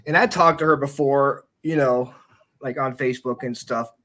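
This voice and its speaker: A man's voice: medium pitch, steady tone, normal speed, fairly bright tone. A man hosting a paranormal talk show, telling stories in a loose, rambling way with plenty of swearing. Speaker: podcast host. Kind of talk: casual chat.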